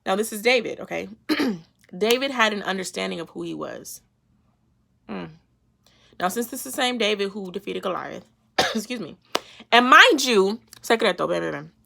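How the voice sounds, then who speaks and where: A woman hosting her own faith vlog, talking in a lively, playful, slangy way and laughing often as she explains a Bible verse. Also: medium pitch, normal speed, creaky, pauses often. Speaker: faith vlogger. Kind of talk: casual devotional talk.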